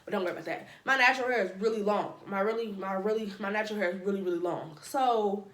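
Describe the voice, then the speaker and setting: A woman's voice: medium pitch, fast talker, fairly bright tone, reverberant. A woman vlogger telling a personal story in a casual way, with dramatic asides and playful sound effects.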